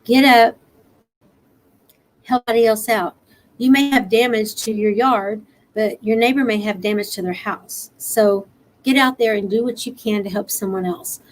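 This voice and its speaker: An earnest woman from Texas hosts an encouraging live-stream talk, her voice a little worn from a long night. She laughs easily between her calls to help others, at an ordinary mid-level pitch. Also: moderate pace, rough recording. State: tired after a long night. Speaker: show host.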